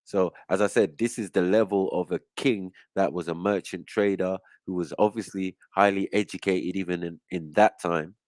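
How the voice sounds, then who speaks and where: A man's voice: low voice, steady tone, normal speed, few pauses, darkish tone, no room sound. A man, a guest on a casual panel, explaining at length and checking in with his listener. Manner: explains at length, checks in with "right?" and "you get me".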